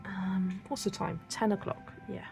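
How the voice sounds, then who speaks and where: Woman, West Country accent, livestream host; chatty and rambling, vocal fry, faint music underneath. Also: medium pitch, little pitch movement, measured pace. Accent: West Country English. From Wiltshire, England. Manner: chatty, rambling, soft asides while working. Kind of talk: casual livestream chat while colouring.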